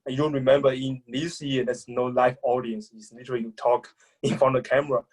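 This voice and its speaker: A man in a thoughtful discussion about speaking style, often pausing and restarting as he searches for words. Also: mid-range voice, flat delivery, slightly rough, rough recording. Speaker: public speaking commentator. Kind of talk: analytical discussion.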